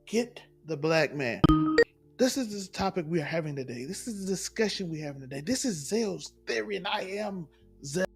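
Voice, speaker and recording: A man's voice: high-pitched, creaky, breathy edge. A man from Mississippi, delivering an emphatic, rambling opinion monologue and repeating his points. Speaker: commentator in clip.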